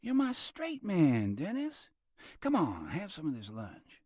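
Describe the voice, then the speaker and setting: A male narrator voicing a grinning, smooth-talking man who arranges things, in a lifted, breezy voice. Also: on the high side, huge pitch swings, takes it slowly, darkish tone, no echo, studio quality, pitched above the performer's own voice, exaggerated voice.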